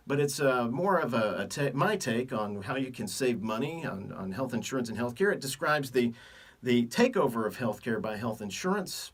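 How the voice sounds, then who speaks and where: A middle-aged physician from Texas talks to camera without a script, dropping wry jokes between his points. His pitch swings up and down, and his voice sits a little back from the microphone. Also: far from the mic. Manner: joking, wry asides. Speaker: physician hosting a video series. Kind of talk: unscripted talk to camera.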